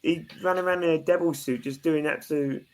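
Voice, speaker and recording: A man's voice: a little high, a little fast. A man co-hosting a casual podcast, rambling along with lots of "like" and "you know". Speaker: podcast co-host. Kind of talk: casual chat.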